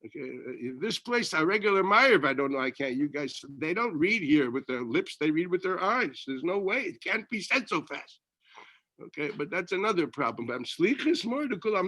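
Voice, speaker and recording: Bright-voiced rabbi giving a lively class. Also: male voice, sits high, moderate pace. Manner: conversational, asks and answers his own questions, mixes Hebrew and Yiddish terms. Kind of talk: Torah lecture.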